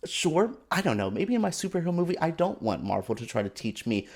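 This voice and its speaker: A man giving a casual, animated and exasperated opinion rant as a film commentator, with sarcastic asides. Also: a little high, fast, slightly rough.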